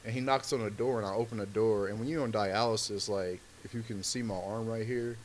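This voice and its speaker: A man's voice: lowish voice, fairly even intonation, a little fast, a little hiss or hum. A man, a comedian guest on a podcast, telling a story in loose, slangy talk full of filler words. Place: podcast studio.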